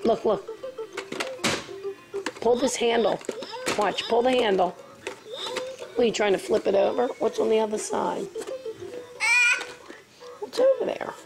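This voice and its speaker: A woman's voice: on the high side, sing-song, a little slow, gravelly, pauses often, music in the background. A mother talking baby talk to her infant son at home, coaxing him with sing-song, repetitive prompts.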